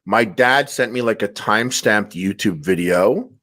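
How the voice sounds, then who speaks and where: A man's voice: lowish voice, a little slow. A man in casual podcast chat, telling stories at length and acting out what people said. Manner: animated storyteller, acts out quotes. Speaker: podcast guest.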